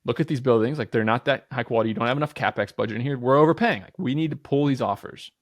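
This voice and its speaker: An energetic man in his thirties speaks as a podcast guest, candid and sure of himself, cursing now and then. The sound is dry and close, with no room around it. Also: medium pitch, fast, dry recording. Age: 30s. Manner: energetic, talks with certainty; candid, swears casually. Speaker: entrepreneur guest. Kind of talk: podcast interview.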